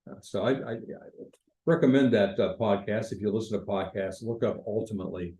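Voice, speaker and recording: A man's voice: fairly low pitch, fairly quick, mellow, poor audio. A man leading a Bible study in a church, teaching conversationally and asking the group questions. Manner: informal, with fillers and restarts, asks the group questions.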